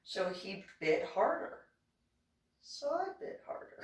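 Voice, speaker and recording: A woman, a reverend, casually telling stories in a chatty, animated way and giggling often. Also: mid-range voice, slow pace. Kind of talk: casual storytelling. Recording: echoey room, distant from mic.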